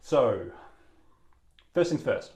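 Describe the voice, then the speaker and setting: A man's voice: medium pitch, sing-song, extremely slow, darkish tone, reverberant. A man with a New Zealand accent co-hosting a casual whiskey-tasting podcast, wry and teasing. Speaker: podcast co-host.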